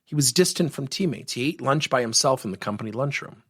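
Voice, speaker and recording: A middle-aged man, a workplace coach, teaching through an animated story and acting out the voices of the people in it. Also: mid-range voice, quick pace, husky, no room sound, clean studio sound. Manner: animated, acts out the voices in his stories.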